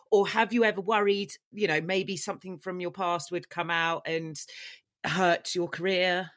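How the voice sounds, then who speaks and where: A woman's voice: mid-range voice, moderate pace, a bit bright. A woman hosting a podcast interview, playful and frank, laughing a lot. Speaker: podcast host.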